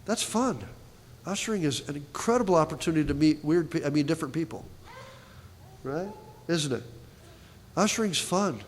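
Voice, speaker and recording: A male pastor delivers a sermon in a loose, conversational way, often checking in with the congregation. His voice sits fairly high for a man. The recording carries the long reverb of a large church sanctuary. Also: moderate pace, pauses often, a little hiss or hum. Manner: conversational preaching with frequent "right?" asides to the congregation.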